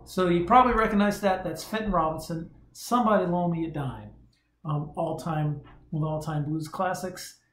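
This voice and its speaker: Male guitar teacher, casual and chatty, slightly high voice, roomy room, guitar audible. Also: moderate pace. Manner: relaxed, conversational, hums rhythms aloud. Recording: roomy sound with guitar playing.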